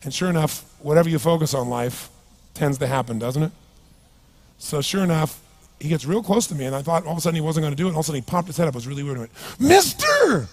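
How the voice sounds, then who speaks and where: A middle-aged man and seminar speaker, telling a personal story to a live audience in an animated, conversational way and asking them questions. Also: on the high side, very fast, soft background music.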